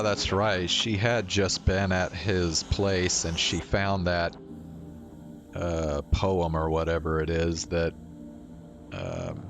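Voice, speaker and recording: A man reading a visual novel's narration aloud and casually commenting as he plays, sometimes swearing. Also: sits low. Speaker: game player.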